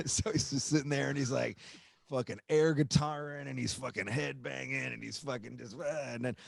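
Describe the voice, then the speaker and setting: A man's voice: mid-range voice, normal speed, gravelly, dry recording, studio quality. A man hosting a podcast, telling a road story in a loose, profane way and acting out the voices of the people in it. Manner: profane, animated, acts out quoted voices. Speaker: podcast host and guitarist. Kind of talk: casual storytelling.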